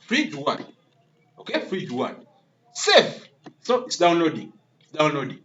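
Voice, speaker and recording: A man's voice: a little high, big pitch swings, normal speed, a bit bright. Male coding tutor, repetitive step-by-step delivery, lo-fi muffled recording. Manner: repetitive, keeps asking "okay?". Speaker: coding instructor. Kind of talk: live-coding screen tutorial. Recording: dull lo-fi recording.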